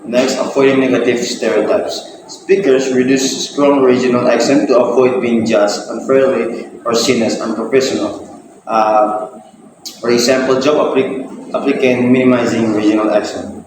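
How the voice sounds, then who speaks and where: A young man presents to his class, working through his points with plenty of pauses and fillers. His voice sits at an ordinary pitch and rings through a long, echoey room with steady background noise. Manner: reads points with frequent hesitations. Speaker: student presenter.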